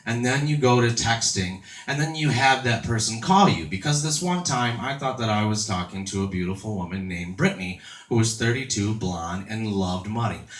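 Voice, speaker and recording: This comedian, a man in his thirties, talks with a fairly low, animated voice at a moderate pace with few pauses. He does crude, self-mocking stand-up and chats with a laughing crowd from the club stage, recorded by a far-off mic in an echoey room.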